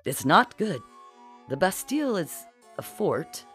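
A narrator doing a hushed, scheming male spy. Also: medium pitch, sing-song, slow pace, soft background music. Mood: conspiratorial. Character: sly scheming male spy, smooth-talking. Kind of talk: audiobook character voice.

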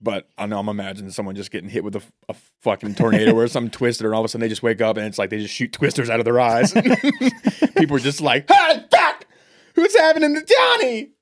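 A man with a Southern American accent co-hosting a podcast in casual chat, loose and profane, joking around and now and then breaking into loud mock voices. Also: on the low side, lively intonation, fast, few pauses, dry recording, clean studio sound. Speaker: podcast co-host.

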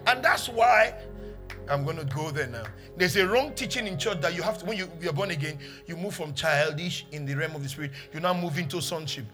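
A man preaching a sermon as pastor, emphatic, with loud exclamations between quieter teaching in a church. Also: on the high side, fast talker, few pauses, music in the background.

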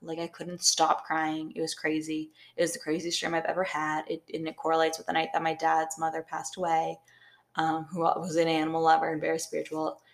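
Her voice is low, creaky and monotone, and she speaks fairly quickly. She's a young podcast co-host in casual chat, rambling through a lengthy story peppered with "like."

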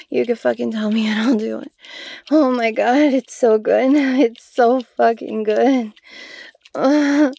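A woman playing a breathy, pleading young student. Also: high voice, mellow, no echo, exaggerated voice.

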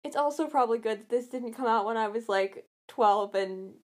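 Brief: young woman, chatty and self-mocking, bright higher voice. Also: moderate pace. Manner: rambling, animated, self-deprecating. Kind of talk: casual fan chat.

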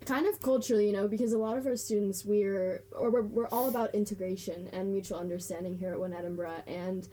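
A woman's voice: mid-range voice, steady tone, fast talker, few pauses, warm tone, breathy edge. A young adult woman hosting a casual interview, friendly and asking long questions. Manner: friendly, laughs along, asks long questions. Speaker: podcast host.

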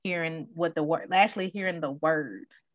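Give me an animated woman telling stories, muffled and dry. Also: deep voice, moderate pace, dry recording. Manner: animated storyteller who acts out quotes. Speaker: guest sharing her story. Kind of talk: casual conversation. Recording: dull, dry sound.

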